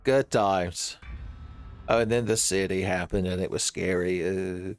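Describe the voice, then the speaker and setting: Playing a horror game, a streamer rambles and jokes, often laughing at his own lines. His voice is low and steady, and he talks at a measured pace.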